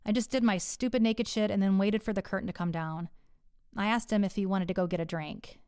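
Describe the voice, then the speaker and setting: A woman's voice: medium pitch, steady tone, fairly quick, darkish tone, clean tone, no echo. A middle-aged woman telling her own story in a candid, wry and profane way, recorded close on a studio mic. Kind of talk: confessional personal storytelling.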